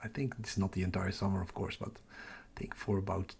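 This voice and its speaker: A deep, creaky, slightly mellow male voice with a Dutch accent moves fairly quickly with little pitch movement, with slight background noise. The speaker, from the Netherlands, runs a casual astrophotography livestream, reading comments, chatting with viewers, and muttering to himself as he tracks captures.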